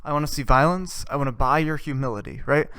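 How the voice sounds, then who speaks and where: Smooth-voiced man rambling crude jokes. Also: fairly high pitch, fast talker, bright, forceful tone, no room sound. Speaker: host. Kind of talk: comedic monologue.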